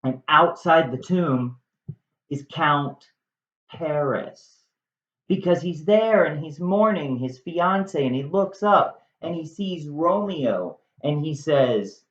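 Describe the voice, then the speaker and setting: A man's voice: on the high side, expressive, slow pace. A man casually retelling a play to viewers, with wry, conversational asides. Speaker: video host. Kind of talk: casual storytelling lesson. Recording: roomy, slightly dull recording.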